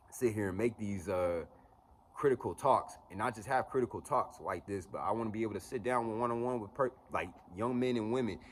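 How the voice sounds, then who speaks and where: A man in his twenties with a fairly low voice gives a blunt, profane motivational monologue as a vlogger, preaching like a pep talk. A little hiss or hum is audible.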